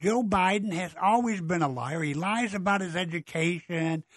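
A man's voice: sits high, moderate pace, dry recording. A middle-aged man hosting a blunt, exasperated political monologue, ranting about government and politicians. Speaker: political commentary host.

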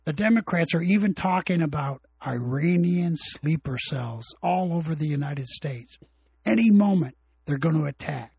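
A man's voice: a little high, animated, normal speed, gravelly, darkish tone, husky, no echo. A man hosting his own podcast, talking in a rambling, blunt and opinionated way. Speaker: podcast host. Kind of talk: casual solo podcast monologue. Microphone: home recording equipment.

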